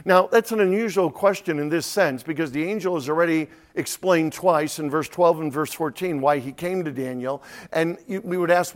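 A man with a high voice preaches verse by verse through a scripture passage. He drops to a slow, hushed tone to read the text. His explanations come with building emphasis. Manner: reads scripture slowly and softly, then explains with rising emphasis. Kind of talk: expository sermon.

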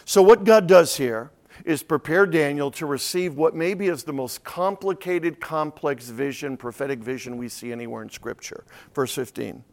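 A man preaching an expository sermon, reading verses slowly and quietly, then explaining them with rising emphasis. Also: a little high.

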